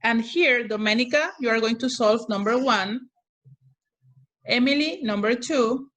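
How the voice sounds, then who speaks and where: Slow-spoken woman teaching an online class. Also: fairly high pitch, fairly bright tone. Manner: patient, calling on students by name. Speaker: English teacher.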